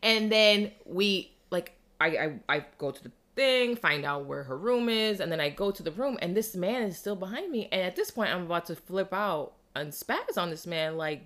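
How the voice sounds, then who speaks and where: Podcast host lady, kinda low voice, super casual and slangy. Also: animated, moderate pace, few pauses, fairly bright tone.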